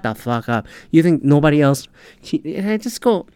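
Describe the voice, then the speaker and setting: A man's voice: on the high side, big pitch swings, moderate pace, clear, resonant tone, dry recording. A man hosting a podcast, ranting in a casual, heated, profanity-laced monologue. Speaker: podcast host.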